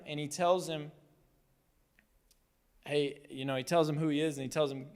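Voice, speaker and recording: A man's voice: on the high side, normal speed. Guy preaching, casual storyteller vibe, acts out quotes, big echoey church hall. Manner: conversational, animated storytelling with acted-out quotes. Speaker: pastor. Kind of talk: sermon. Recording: long hall reverb.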